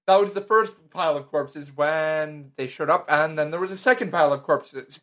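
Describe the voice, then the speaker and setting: A man's voice: fairly high pitch, normal speed, fairly bright tone. A man talking loosely and rambling through scenes in a casual movie chat with friends.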